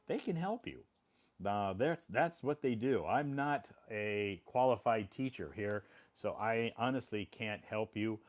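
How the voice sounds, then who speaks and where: A man's voice: lowish voice, lively intonation, a little slow. A man explaining things to English learners in a casual spoken monologue, plain and repetitive, often apologizing.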